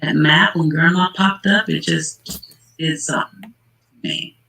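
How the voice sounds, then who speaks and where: A man's voice: on the high side, fairly even intonation, unhurried, gravelly, bright, forceful tone, breathy edge, low-quality recording. A man hosting casual true-crime commentary, worked up and emphatic, calling out the people in the case directly. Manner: worked-up, emphatic, talks straight to the people involved. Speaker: channel host.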